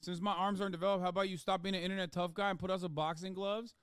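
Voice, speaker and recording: A man's voice: sits high, flat delivery, rapid-fire, clear, resonant tone, no echo, clean studio sound. A man doing livestream commentary, ranting sarcastically with plenty of swearing.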